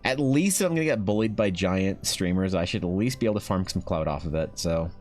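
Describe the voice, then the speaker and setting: A man with a Canadian accent chatting on a live art stream, excitable and swearing, mock-exasperated at his chat. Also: sits low, a little fast, faint music behind. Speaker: artist streamer. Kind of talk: casual livestream chat while drawing.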